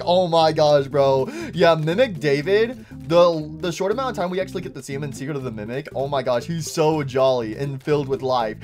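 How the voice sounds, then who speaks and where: Excitable young man doing game commentary. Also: fairly high pitch, moderate pace, hardly any pauses, soft background music. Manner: excitable, says "bro" often. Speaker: gaming YouTuber. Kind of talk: casual gameplay commentary.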